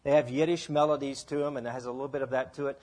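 A man teaching a Bible passage to a congregation in a slow, deliberate way, asking the listeners to repeat words after him. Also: medium pitch, flat delivery, a little mellow. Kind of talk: teaching sermon with sing-along.

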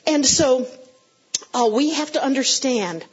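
A middle-aged woman delivers a sermon in an easy, conversational way, slipping in self-deprecating humor and answering voices from her congregation. Her voice sits a little high and sounds husky and breathy. The recording is dull and muffled. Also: expressive, measured pace. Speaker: pastor.

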